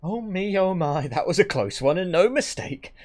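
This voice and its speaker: A man pushes his voice up high to play a sweet old countrywoman from the West Country, chatty and motherly, fussing cheerily in a sing-song way. His delivery is animated and moderately paced, with a somewhat dark tone.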